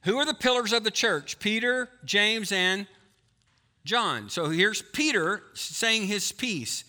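A male pastor preaching a sermon to a live congregation, quizzing the people and switching between quick talk and slow emphasis. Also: high-pitched, lively intonation, sharp tone. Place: church before a live congregation.

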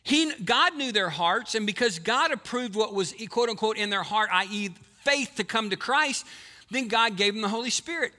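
A male pastor preaching a sermon to a live congregation, quizzing the people and switching between quick talk and slow emphasis. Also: sits high, lively intonation, sharp tone. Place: church before a live congregation.

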